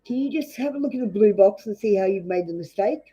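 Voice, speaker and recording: A woman's voice: medium pitch, lively intonation, fast talker, mellow, husky, highs cut off. A woman with an Australian accent doing a live tarot reading, blunt and scolding, swearing freely as she talks to viewers. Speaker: tarot reader.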